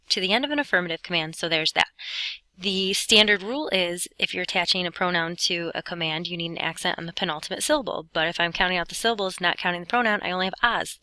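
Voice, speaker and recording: Bright, dry-voiced woman teaching a lesson. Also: lowish voice, no echo. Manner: clear, patient, explaining step by step. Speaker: Spanish teacher. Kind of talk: recorded classroom lesson over notes.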